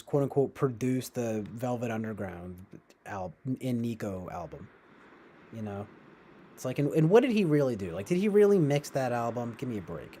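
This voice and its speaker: A man's voice: mid-range voice, dark tone. A man streaming live, rambling casually with sarcastic asides and frequent laughter. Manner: sarcastic, laughs often, trails off. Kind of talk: casual rambling livestream chat.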